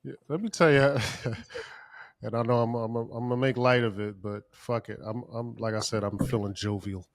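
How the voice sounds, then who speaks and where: A man's voice: medium pitch, fairly even intonation, moderate pace. A man co-hosting a podcast, talking casually and ranting profanely, his voice climbing when he gets worked up. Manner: profane, heated rant. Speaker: podcast co-host.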